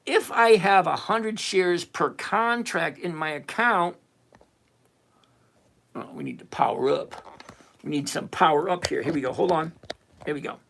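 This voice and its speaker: Hosting a trading livestream, a man answers chat questions casually, teasing viewers and hammering points home through repetition. His voice is a little high and creaky, and he takes his time, leaving long pauses, though his manner stays animated.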